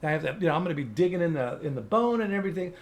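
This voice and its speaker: Guy doing a chill dentist, reassuring, bit gravelly. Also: on the high side, lively intonation, very fast. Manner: easygoing and reassuring. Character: casual, reassuring male dentist.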